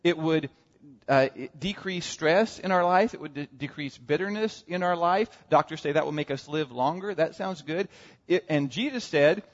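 An American man preaching in a church, telling humorous stories and turning often to the congregation with asides. His voice sits somewhat high for a man. The sound is dull and muffled, with a long hall reverb trailing each phrase. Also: moderate pace. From United States. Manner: storytelling with humor, frequent asides to the audience. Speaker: pastor. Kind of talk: sermon.

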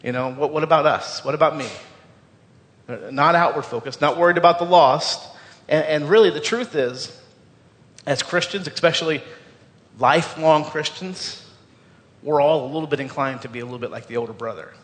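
A man's voice: a little high, moderate pace, a bit bright. Man preaching in an echoing hall. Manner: earnest, repeats words, asks the congregation questions. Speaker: pastor. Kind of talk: sermon. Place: church sanctuary. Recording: long reverb of a church hall.

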